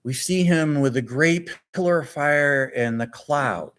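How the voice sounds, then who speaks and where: A male pastor preaching a sermon in a church, telling the story with animated acted-out dialogue. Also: on the high side, unhurried, clear, resonant tone.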